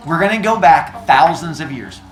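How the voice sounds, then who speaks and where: A man's voice: a little high, normal speed. A man teaching a class, telling a joke-filled story and teasing his students. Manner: joking, animated, teasing students. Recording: echoey classroom with student chatter.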